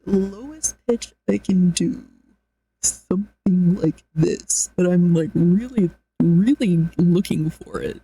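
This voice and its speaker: A woman pushing her voice down as deep as it goes, sounding strained and drawn out. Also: slow, dark tone, husky, exaggerated voice, rough recording. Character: woman forcing her deepest voice. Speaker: streamer.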